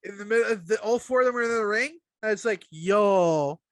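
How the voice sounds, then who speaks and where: A man's voice: high-pitched, moderate pace, no room sound, clean studio sound. A man co-hosting a casual wrestling podcast, laid-back and agreeable, with slangy talk. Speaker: podcast co-host.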